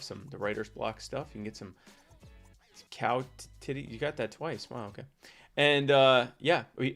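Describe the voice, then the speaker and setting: Gravelly joking podcast co-host, man. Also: medium pitch, fairly bright tone. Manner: joking, with mumbled asides. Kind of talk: casual podcast chat.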